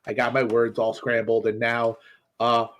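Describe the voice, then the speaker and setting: A man's voice: medium pitch, completely flat delivery, normal speed, fairly bright tone. A man playing a tabletop game in character, stammering and apologizing nervously. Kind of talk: in-character role-play.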